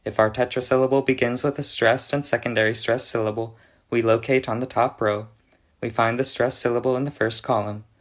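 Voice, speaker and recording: A man's voice: medium pitch, fairly even intonation, fairly quick. A man narrating a scripted explanation of an invented language, with a dry, mock-serious delivery. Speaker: conlang video narrator.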